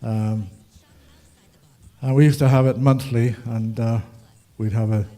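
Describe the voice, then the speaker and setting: This older man, a ragtime musician at a festival, has a steady, mellow, mid-range voice and talks a little slowly. He rambles through funny anecdotes for the audience, using plenty of fillers.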